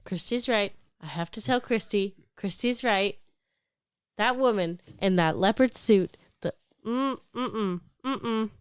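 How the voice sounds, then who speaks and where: Woman player, slow and smooth, frets in character. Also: mid-range voice, no echo, clean studio sound.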